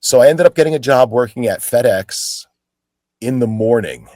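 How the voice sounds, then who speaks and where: Actor guest, 40s male, casual and chatty, lively pitch, dry recording. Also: moderate pace, dry recording. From Pennsylvania, United States. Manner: animated, chatty, full of "like" fillers, acts out quoted people. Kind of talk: casual storytelling in an interview.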